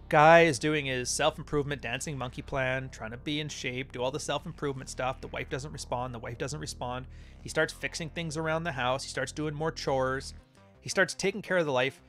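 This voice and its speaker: Blunt, bright-voiced man telling stories. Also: mid-range voice. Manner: blunt and profane, storytelling with acted-out quotes. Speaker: podcast host. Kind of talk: casual monologue.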